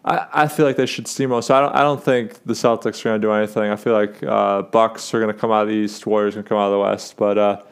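A young man hosts a loose, casual sports talk. His voice sits a little low and comes through smooth and clean. He rambles, restarts often and fills gaps with "uh" and "um.". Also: little pitch movement, quick pace, hardly any pauses. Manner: rambling, many fillers and restarts. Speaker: sports podcast host.

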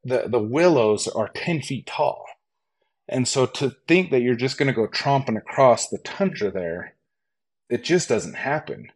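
A man telling a hunting story as a podcast guest, animated and acting out the lines of others. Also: medium pitch, a little slow. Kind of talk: storytelling in a casual interview.

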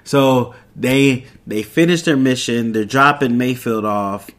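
A man's voice: medium pitch, fairly bright tone. Casual man rambling through a show recap. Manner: rambling, quotes characters in quick voices, loose casual grammar.

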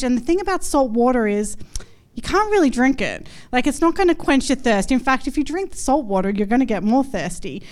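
A pastor in her thirties delivers a chatty, conversational sermon in a clean, mid-range voice. She fills it with everyday stories and plenty of fillers.

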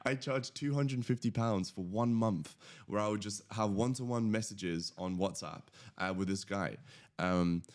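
A British man in his thirties, a podcast guest telling his origin story in a rambling, self-correcting, animated way. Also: fairly low pitch, measured pace. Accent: British English. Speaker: podcast guest, agency founder. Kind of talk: casual storytelling interview.

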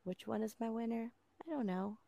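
A woman's voice: on the high side, brisk, vocal fry, mellow, no room sound. A woman hosting a podcast in casual chat, gushing and playful with slang. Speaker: podcast host.

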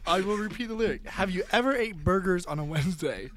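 Male host, friendly banter, deadpan lyric reads, mid-high voice. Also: fast, a little hiss or hum. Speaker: game host. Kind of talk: casual banter among friends.

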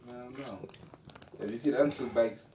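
A man's voice: mid-range voice, normal speed, dark tone. A man who rides a delivery bike, from Brooklyn, giving short, blunt replies. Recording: distant, echoey, noisy street.

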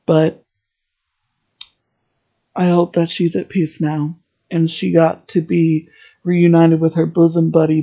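Podcast host, solo monologue, earnest, rambling, unhurried, dull lo-fi sound. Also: mid-range voice, mellow.

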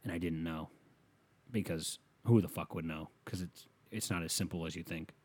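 A man's voice: low voice, normal speed, a little mellow, slightly rough. A man hosting a solo podcast, ranting in a rambling, profane way, with a slight lisp on his s sounds. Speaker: podcast host.

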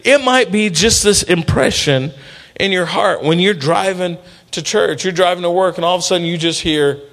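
A man preaching a sermon in a relaxed, talky way, voice pitched a bit above most men's. He keeps calling out to the congregation for a response and acts out the people in his stories. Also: moderate pace. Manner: conversational preaching with call-and-response asides. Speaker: pastor.

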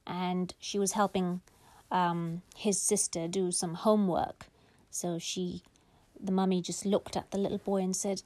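A woman reading a children's bedtime story aloud, slow and gentle, putting on small voices for the characters. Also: on the low side, little pitch movement, no echo.

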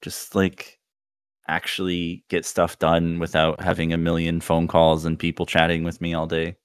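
Laid-back male podcast host, low voice, dry close sound, easygoing storyteller. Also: monotone, normal speed, smooth, no room sound. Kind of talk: casual chat.

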